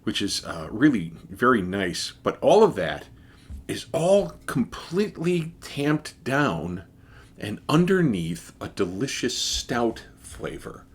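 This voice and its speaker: Guy reviewing a beer on his vlog, kinda husky voice, lots of uhs and restarts. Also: medium pitch, big pitch swings, slow. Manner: enthusiastic, with frequent fillers and restarts. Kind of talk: casual tasting review.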